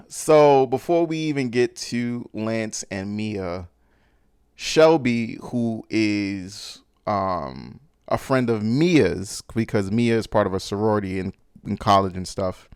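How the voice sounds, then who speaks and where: A man's voice: lowish voice, animated, takes it slowly, a little mellow, clear, resonant tone, no room sound, studio quality. A man hosting a podcast, recapping a film in a loose, slangy way with lots of fillers and restarts. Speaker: podcast host. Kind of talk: casual movie recap.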